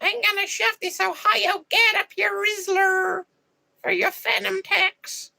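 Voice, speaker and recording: A man voicing a shrill young boy who spouts slang, in a squeaky, slow, mocking voice. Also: little pitch movement, creaky, sharp tone, heavily acted.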